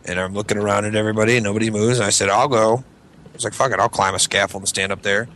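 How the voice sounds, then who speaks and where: A bright-toned man rattles off a story at high speed, swearing freely and acting out the voices of the people in it. His voice sits a little low. Faint room noise sits behind him on a casual group podcast. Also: fairly even intonation, rapid-fire. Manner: rambling, profane, acts out voices in his stories. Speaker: podcast co-host.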